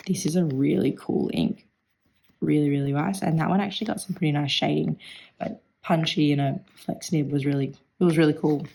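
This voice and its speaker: Hoarse low-voiced woman, chatty. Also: dark tone. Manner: chatty, rambling, with throat clearing. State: hoarse, losing her voice. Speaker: stationery vlogger. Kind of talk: casual flip-through vlog narration.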